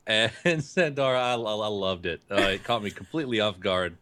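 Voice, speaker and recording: Relaxed male co-host, lowish voice, loose rambling chat. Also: moderate pace. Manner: easygoing, rambling with fillers. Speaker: podcast co-host. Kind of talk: casual chat.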